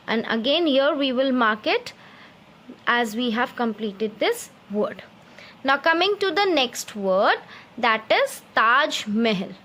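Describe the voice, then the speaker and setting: A woman's voice: high-pitched, animated, takes it slowly, a bit bright, slight background noise. A woman teacher with an Indian English accent, patiently leading children through a grammar exercise, spelling words letter by letter and quizzing the class.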